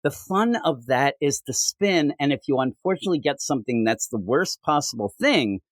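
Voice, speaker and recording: Recapping comic book issues as a podcast co-host, a man speaks at a moderate pace in a medium-pitched voice. He's animated in the casual chat, performing the dialogue in different voices, and the recording is dry.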